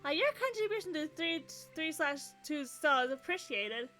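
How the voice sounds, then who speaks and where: A stern female student council president scolds in formal, clipped sentences, as a woman reads her lines aloud from a visual novel. The voice sits high and bright, like a reader giving the part a light touch. Soft music plays behind her. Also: expressive, moderate pace. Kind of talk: reading game dialogue aloud.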